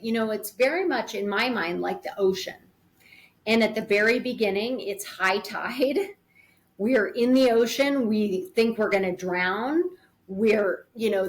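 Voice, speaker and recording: A woman guest in an interview, speaking in an earnest, thoughtful way and explaining her ideas through vivid imagery. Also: fairly high pitch. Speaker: podcast guest on grief. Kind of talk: reflective conversational interview.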